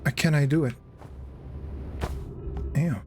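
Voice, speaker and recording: A man's voice: on the high side, slow, darkish tone, faint music behind. Tired, rambling male game streamer. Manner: rambling, swears freely, many fillers. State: tired, yawning. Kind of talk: casual live gameplay commentary.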